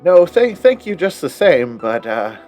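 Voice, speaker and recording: A man's voice: fairly high pitch, sing-song, measured pace, darkish tone, soft background music, voice pushed up. A man voicing a timid, frail elderly male undead gnome who stammers nervously.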